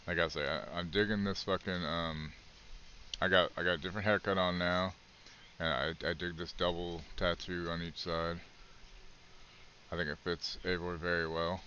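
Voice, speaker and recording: A man's voice: deep voice, steady tone, normal speed, pushed and bright, muffled recording, slight background noise. A man chatting casually on a live game stream, rambling and swearing freely. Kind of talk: casual live gameplay chat.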